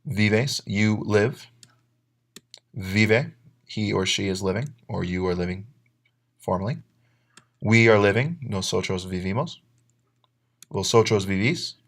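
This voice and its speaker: Low-voiced man teaching Spanish grammar. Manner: methodical, spells out letters and reads example sentences with translations. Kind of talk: recorded grammar lesson narration.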